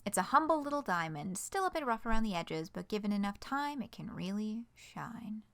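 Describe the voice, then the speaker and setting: A woman's voice: mid-range voice, very animated, normal speed, a bit bright. A woman streamer reading a fan project announcement aloud, breaking off for playful, dry asides.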